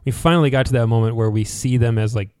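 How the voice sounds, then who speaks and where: A man co-hosting a podcast in a casual chat, animated and acting out characters' lines as he recaps. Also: mid-range voice, fast, clear, resonant tone, no echo, studio quality. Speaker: podcast co-host.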